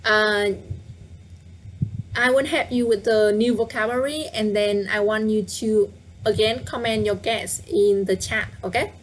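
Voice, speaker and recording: Woman, live online teacher, patient, slow speech, faint background hiss. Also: mid-range voice, steady tone. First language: Vietnamese. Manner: patient, repeats words slowly, asks viewers to guess. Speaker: Vietnamese teacher. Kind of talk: live online language lesson.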